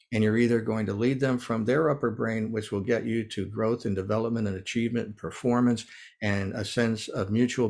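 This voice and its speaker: A middle-aged man with an American accent giving a keynote lecture in a measured, earnest way, pausing on fillers and restarting phrases. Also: on the low side, creaky, a little mellow. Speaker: keynote speaker.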